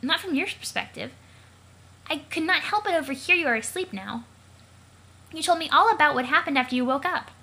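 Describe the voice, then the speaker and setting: A woman's voice: sits high, expressive, a little fast, gravelly, pauses often, bright, forceful tone, voice pushed up, full character voice. A woman voicing a prim young woman who speaks formally and precisely, for a let's play of a comic. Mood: polite.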